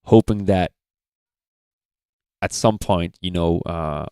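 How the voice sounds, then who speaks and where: A man's voice: low voice, slow pace, pauses often, warm tone, clean tone, no echo. A young man commenting as a judge on a livestream, giving thoughtful, explanatory advice. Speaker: beatbox battle judge.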